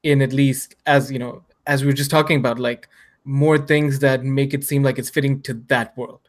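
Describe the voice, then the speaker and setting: A man's voice: mid-range voice, flat delivery, normal speed. A man co-hosting a casual gaming podcast, talking earnestly and thinking aloud with fillers. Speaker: podcast co-host.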